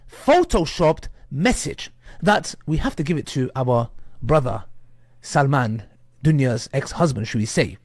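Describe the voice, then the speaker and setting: Casting: animated, somewhat high male voice, emphatic, close dry sound. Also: no room sound. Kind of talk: addressing an online audience.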